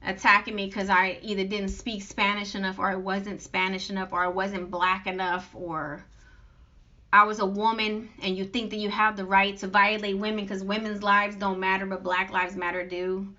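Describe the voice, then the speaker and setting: Bright-voiced aggrieved woman vlogger. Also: medium pitch, little pitch movement, moderate pace. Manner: aggrieved, emphatic, piles up long lists. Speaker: vlogger addressing critics. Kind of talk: unscripted monologue. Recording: dull lo-fi recording.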